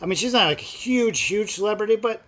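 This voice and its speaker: A middle-aged man chats casually on his vlog, wandering from point to point with plenty of fillers. His voice sits a little high for a man. Every so often he bursts out with excitement. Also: fast talker. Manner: rambling, filler-heavy talk with excited outbursts. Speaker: movie vlogger. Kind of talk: casual chat.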